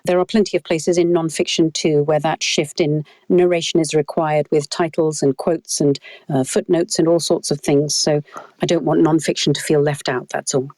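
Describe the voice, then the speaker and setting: A woman's voice: low voice, fairly even intonation, moderate pace, darkish tone, dry recording. A woman hosting an interview, speaking in a thoughtful, articulate way. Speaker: podcast host. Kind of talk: casual interview chat.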